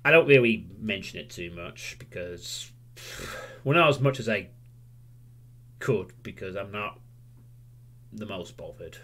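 A man's voice: on the low side, lively intonation, slow pace, long pauses, a bit bright. A man livestreaming a candid, self-critical monologue; he swears freely and rambles, losing his train of thought at times.

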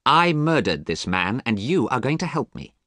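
A man's voice: mid-range voice, very animated, moderate pace, a bit bright, no echo, studio quality, pitched above the performer's own voice. A man voicing a desperate young man who turns cold and threatening, in an urgent, pressing way.

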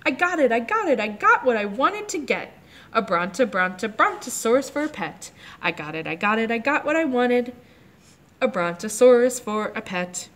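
A woman's voice: fairly high pitch, big pitch swings, measured pace, few pauses, exaggerated voice. A woman reading aloud, voicing a bossy, demanding young girl who throws tantrums. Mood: pleased sing-song. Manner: snippy and loud.

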